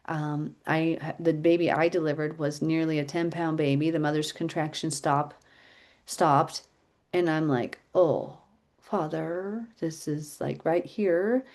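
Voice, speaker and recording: A middle-aged woman leading a casual Bible teaching chat, telling stories in an animated, chatty way. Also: low voice, a little slow. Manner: chatty, animated storytelling, laughs often.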